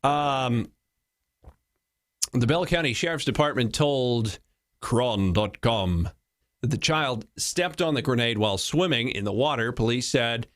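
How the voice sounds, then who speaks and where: A man's voice: medium pitch, measured pace. A male talk show host reading out news stories and joking about them with a wry, laughing delivery. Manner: wry, laughing, slips into mock voices. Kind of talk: solo comedic news commentary.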